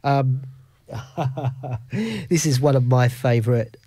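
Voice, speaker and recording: A man's voice: mid-range voice, steady tone, slow, warm tone, no room sound. A middle-aged man hosting a radio show, telling stories in a rambling, chuckling way. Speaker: radio host. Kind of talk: casual radio chat.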